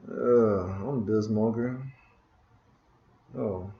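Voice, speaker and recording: In a very slow, lowish voice with vocal fry, a programming screencast host talks casually through code at his computer, muttering in frustration over a missing tool. The echoey room recording has its highs cut off, with keyboard typing and clicking behind him.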